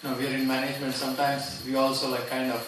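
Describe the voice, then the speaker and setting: A man's voice: medium pitch, completely flat delivery, rapid-fire. A man asking a hesitant question at a seminar, with many fillers. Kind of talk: spoken question from the floor. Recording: echoey hall, mic far off, noisy.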